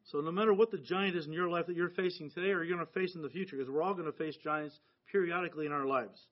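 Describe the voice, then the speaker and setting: High-voiced earnest preaching man. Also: quick pace. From United States. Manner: earnest, conversational preaching with rising emphasis. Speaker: pastor. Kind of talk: sermon. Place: church. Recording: dull lo-fi sound.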